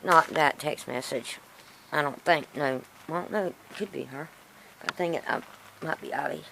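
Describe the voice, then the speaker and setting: A woman's voice: low voice, normal speed, gravelly. Lady vlogging outside, rambly and fed up, tooth hurting, bit of faint noise. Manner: rambling, frustrated, self-talking. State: in pain from a sore tooth. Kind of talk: casual chatty vlog. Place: outdoors in a yard.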